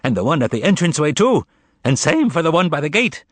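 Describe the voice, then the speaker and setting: A man voicing a fussy, theatrical male sidekick in an audiobook, excitable and wailing. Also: fast, no echo. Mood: excited. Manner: excitable, high and shrill. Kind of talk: audiobook character voice.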